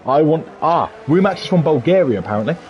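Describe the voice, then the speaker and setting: A man with a Scouse accent commentating a sim racing league, excitable and jokey. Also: fast, highs cut off. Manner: excitable and jokey, pitch leaping on big moments. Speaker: race commentator.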